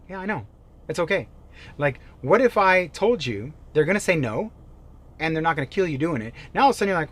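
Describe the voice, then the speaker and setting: A man giving a motivational sales-coaching talk, emphatic and animated, jumping from loud bursts to quiet asides. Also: on the high side, normal speed, slightly rough. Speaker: real estate sales coach.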